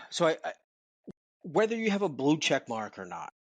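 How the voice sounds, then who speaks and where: A man co-hosting a podcast from his home office, talking in an animated, casual way with repeats and swearing. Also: fairly high pitch, moderate pace, no room sound. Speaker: podcast co-host. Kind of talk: casual chat.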